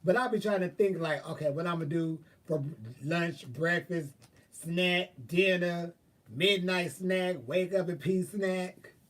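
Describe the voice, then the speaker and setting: A man's voice: high-pitched, takes it slowly. Chatty man rambling, a little distant. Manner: chatty, profane, animated, thinking aloud. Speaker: vlogger. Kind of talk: casual rambling monologue.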